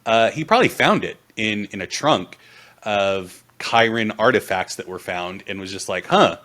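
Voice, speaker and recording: A man's voice: lowish voice, lively intonation, normal speed, fairly bright tone. A man playing a tabletop game, casually chatting and joking about his character. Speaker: player.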